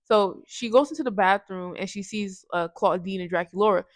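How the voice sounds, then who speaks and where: On her movie review channel, a woman with a mid-range voice casually recaps a film at a brisk clip, and there's no room sound. She rambles in slang, keeps correcting herself, and restarts and laughs along the way.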